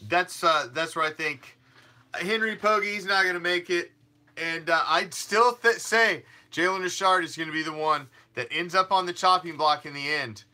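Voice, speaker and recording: On his fan sports podcast, the host speaks at a moderate pace in a bright, pushed voice that sits on the high side. He rambles casually and emphatically, with frequent restarts and some cursing.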